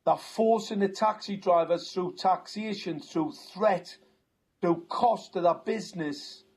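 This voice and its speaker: A man's voice: sits high, husky. A man with a Geordie accent, talking insistently on a chat show and repeating words when he gets going. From North East England. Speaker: guest. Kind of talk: conversational talk-show chat.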